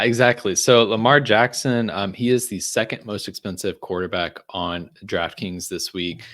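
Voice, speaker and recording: Man, deep voice, casual podcast chat, dry asides. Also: a bit bright. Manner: chatty, frequent ums and restarts, dry sarcasm. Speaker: fantasy football analyst.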